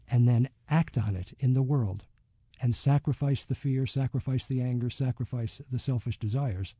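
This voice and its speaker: A man being interviewed as a yoga teacher, speaking reflectively and telling a story with many pauses and fillers. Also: mid-range voice, warm tone, slightly rough, no room sound, lo-fi sound. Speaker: yoga teacher and author, guest. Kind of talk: radio interview.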